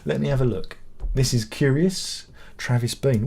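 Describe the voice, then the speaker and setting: A middle-aged channel host runs a live stream, reading out viewer comments and answering them with rambling, exclamatory chatter and swearing. His mid-range voice is unhurried and darkish, with vocal fry and a breathy edge.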